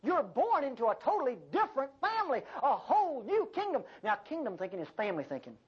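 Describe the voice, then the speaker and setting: Older woman preacher, husky voice, lively rising and falling pitch, dull lo-fi recording. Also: quick pace. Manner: animated preaching with folksy asides. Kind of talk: sermon.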